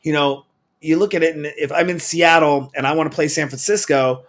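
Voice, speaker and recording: Guy hosting an interview show, kinda high voice, rambles and restarts a lot. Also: fairly even intonation, brisk, fairly bright tone. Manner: rambling, restarts often, friendly asides. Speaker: show host. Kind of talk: casual interview chat. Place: remote video call studio.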